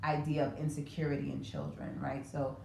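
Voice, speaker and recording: A woman with a fairly low voice talks through early childhood parenting in a relaxed, conversational way, often circling back with "like" and "um". The room echoes and a faint hiss sits under her voice. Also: fairly quick, creaky. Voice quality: conversational, many fillers and self-corrections. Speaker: parenting podcast host. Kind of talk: casual educational talk.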